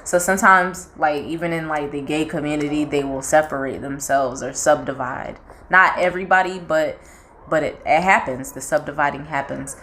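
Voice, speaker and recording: Young Southern-accented woman, low-pitched, frank and talkative in a casual chat. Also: moderate pace, a bit bright, slight background noise. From North Carolina, US. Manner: frank and talkative, acts out quoted voices. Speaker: channel co-host.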